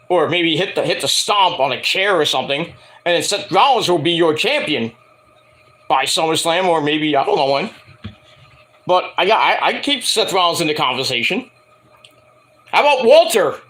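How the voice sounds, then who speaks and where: A man's voice: sits high, pushed and bright. A man reviewing a wrestling show for his viewers, rambling and profane, with jokey asides. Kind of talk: casual rant to viewers.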